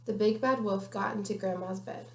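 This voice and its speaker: A woman's voice: mid-range voice, fairly even intonation, normal speed, a little hiss or hum. A young woman reading a children's picture book aloud carefully, with small slips now and then. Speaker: guest reader. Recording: echoey room.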